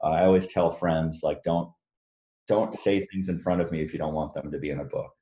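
A man's voice: a bass voice, steady tone, quick pace, dark tone, roomy sound. A man, an author, answering audience questions in a loose, rambling, self-deprecating way and laughing often. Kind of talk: casual Q&A talk. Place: room with a live audience.

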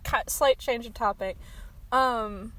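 A woman's voice: fairly high pitch, slow, a bit bright. A woman co-hosting a podcast in casual chat, rambling, swearing freely and laughing often. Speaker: podcast co-host.

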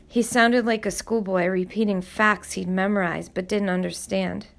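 Woman, audiobook narrator, expressive storytelling, gravelly vocal fry, mid-range pitch. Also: normal speed, hardly any pauses.

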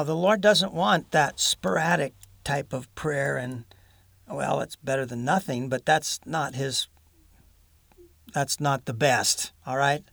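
A man's voice: medium pitch, vocal fry, fairly bright tone, dry recording. A man preaching a sermon in an earnest, folksy way, mixing scripture with homespun humor.

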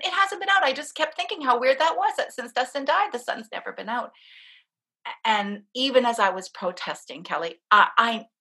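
A woman's voice: medium pitch, pushed and bright, husky. A woman, an interview guest, telling a personal story with strong emotion and frequent laughter. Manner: emotional, laughs often while telling stories.

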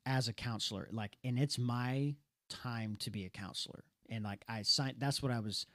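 A man's voice: medium pitch, normal speed, a bit bright, dry recording, clean studio sound. A young man co-hosting a casual talk, telling a personal story earnestly with many restarts. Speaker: podcast co-host.

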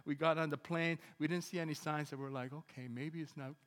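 Animated male pastor in a reverberant church. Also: on the high side, a little fast. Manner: animated, acts out dialogue with emphatic bursts. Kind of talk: sermon storytelling. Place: church sanctuary.

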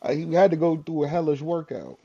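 A man's voice: on the high side, a little fast, warm tone, slightly rough. A man, co-hosting a casual chat, laid-back and dryly teasing. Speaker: podcast co-host. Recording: dull lo-fi sound.

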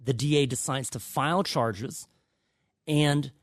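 A man co-hosting a legal talk show, speaking in a halting, emphatic way with many restarts. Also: mid-range voice, no echo, studio quality. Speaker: co-host, lawyer. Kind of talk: casual legal commentary.

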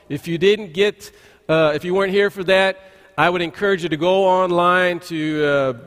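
A high-pitched man preaching from the pulpit of a church. He speaks in a loose, folksy way, often restarting his sentences with an "uh." His voice rings with the long reverb of a large sanctuary. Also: a bit bright. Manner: folksy storytelling with frequent "uh" restarts. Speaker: pastor. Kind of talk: conversational sermon.

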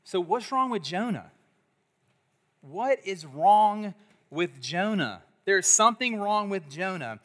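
A man preaching a sermon at a church service, animated and leading the congregation in call-and-response. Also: sits high.

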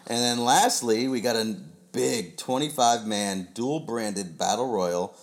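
A man's voice: mid-range voice, measured pace. A man hosting a casual chat show, giving laid-back, rambling predictions. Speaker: podcast host.

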